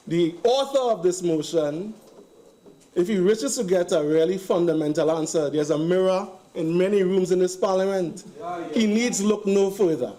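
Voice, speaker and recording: A man's voice: high voice, noisy background. A man with a Trinidadian accent giving a sarcastic, emphatic speech in a parliamentary debate, hammering points through repetition. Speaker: member of parliament. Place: parliament chamber.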